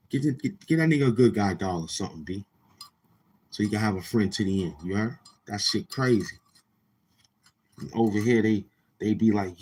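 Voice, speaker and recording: A man's voice: fairly low pitch, expressive, fairly quick, darkish tone. A man hosting a livestream, ranting loosely with restarts and mocking quoted voices. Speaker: livestream host. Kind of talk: casual livestream rant.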